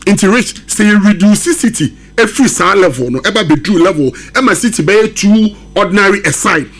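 Animated man, football pundit. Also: high voice, moderate pace. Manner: emphatic, animated, mixes English with Twi. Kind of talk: sports radio discussion.

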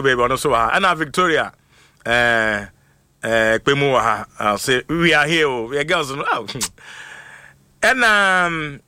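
A man with a Ghanaian accent hosting a radio show, reading out shout-outs in a playful, excitable way. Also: on the high side, clean tone, dry recording, clean studio sound. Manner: excitable, playful, jokes and laughs between names. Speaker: radio host.

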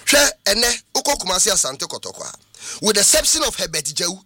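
A man's voice: high-pitched, big pitch swings, fairly quick, sharp tone. A Ghanaian man, a football pundit, arguing insistently in a heated studio debate, reeling off names and ages.

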